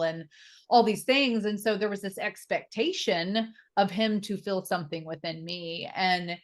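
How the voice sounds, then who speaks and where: A woman's voice: mid-range voice, measured pace. A woman in her thirties, a podcast guest, telling her personal story openly and emotionally, with fillers and the odd swear word. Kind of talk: candid personal interview.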